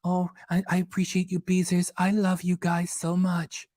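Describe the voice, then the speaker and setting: A man's voice: high voice, completely flat delivery, normal speed, a little mellow, no echo, studio quality, pitched above the performer's own voice, close to an everyday voice. A man doing a mocking impression of a bossy woman streamer who scolds and bans her chat in a repetitive, sing-song way. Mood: mocking sweet.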